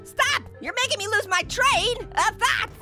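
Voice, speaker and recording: A man's voice: lively intonation, measured pace, sharp tone, soft background music, heavily acted. A man voicing a hyper, wisecracking talking orange who tells puns and laughs at his own jokes while commentating a game. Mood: goofy. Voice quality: squeaky, high, gravelly edge. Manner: giggly, pun-telling, constantly laughing at own jokes. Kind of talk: gaming let's-play commentary.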